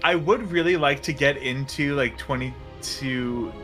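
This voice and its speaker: A man plays a tabletop game, his voice bright and forceful. He hesitates often and fills gaps with ums. Faint music sits underneath. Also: mid-range voice, measured pace. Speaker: player.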